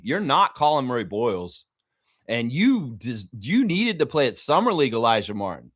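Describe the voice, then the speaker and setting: A man's voice: fairly high pitch, a bit bright. A man hosting a fan show, ranting in a heated, profane, indignant way to a co-host.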